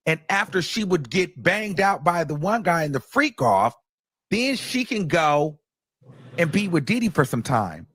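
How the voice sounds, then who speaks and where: A man hosting a casual live stream, recapping a court case with animated storytelling and acting out quotes, chatting with his viewers. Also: fairly high pitch, unhurried, slightly rough, no echo. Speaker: host of a live commentary stream.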